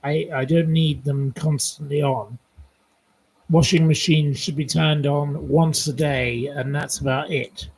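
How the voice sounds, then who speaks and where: A man's voice: a little high, steady tone, unhurried, darkish tone, husky, low-quality recording. A man from northwest England hosting a casual live quiz from home, rambling and chatty with many fillers. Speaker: livestream host running a quiz.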